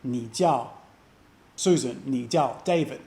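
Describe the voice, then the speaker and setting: A man teaching a beginner language lesson, explaining slowly and repeating example phrases with care. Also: medium pitch, mellow. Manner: slow, careful repetition of example phrases.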